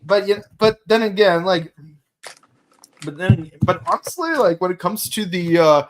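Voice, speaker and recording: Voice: medium pitch, animated, a little slow, noisy background. A co-host of a live fan review show, talking casually and rambling, with many restarts. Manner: rambling, full of restarts and sung quotes.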